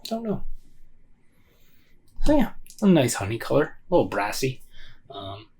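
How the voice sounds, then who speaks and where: A man's voice: medium pitch, very animated, unhurried, darkish tone, breathy edge. A man hosting a casual solo whisky review, rambling and hesitant with plenty of fillers and self-deprecating asides.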